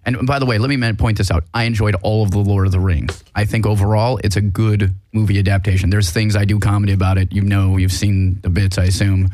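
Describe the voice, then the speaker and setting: A man's voice: on the low side, fairly even intonation, fast, few pauses, a little mellow, no room sound, soft background music. A man hosting a casual podcast chat, rambling and often breaking off mid-thought. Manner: rambling, self-interrupting. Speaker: podcast host.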